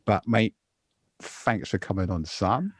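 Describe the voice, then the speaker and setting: A man in his fifties hosting a podcast, chatting casually and telling an animated, rambling story, calling everyone "mate". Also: lowish voice, takes it slowly, husky, dry recording. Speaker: podcast host.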